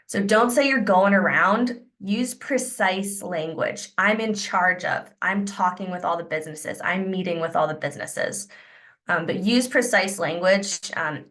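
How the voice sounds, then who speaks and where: A woman leading a sales training class over a video call, with an energetic coaching manner, acting out sample lines for her team. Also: medium pitch.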